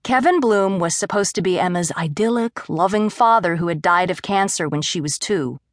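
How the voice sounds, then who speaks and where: A woman narrating a first-person thriller audiobook in a measured, wry, confiding way. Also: fairly low pitch, no echo. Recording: dry close studio mic.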